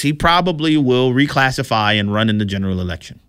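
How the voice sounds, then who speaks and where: A man's voice: medium pitch, lively intonation, fast, a bit bright, clear, resonant tone, no echo, studio quality. A man hosting opinionated political commentary in a chatty, wry way, sometimes tripping over words.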